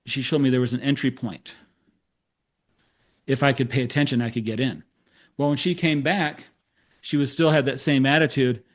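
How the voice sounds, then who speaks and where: Speaking at normal speed with frequent pauses, this middle-aged man has a mid-range voice. He is a therapist recounting a case in a talk, animatedly performing the dialogue he quotes with self-deprecating humor.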